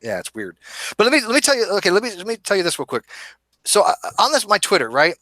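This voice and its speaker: A man hosting a live online debate show, talking in an animated, emphatic and argumentative way. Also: high voice, fast talker, no echo. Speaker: host. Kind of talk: casual debate chat.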